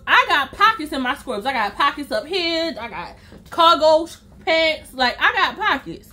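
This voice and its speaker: A woman's voice: sits high, sharp tone. A young woman vlogger telling a story in a casual way, speaking straight to her viewers and acting out her own reactions.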